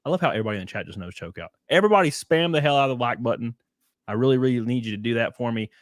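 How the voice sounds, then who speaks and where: A man's voice: mid-range voice, animated, racing, no echo, clean studio sound. A man with a Southern American accent hosting a casual livestream chat, laid-back and rambling, laughing often. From Southern United States. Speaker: podcast host.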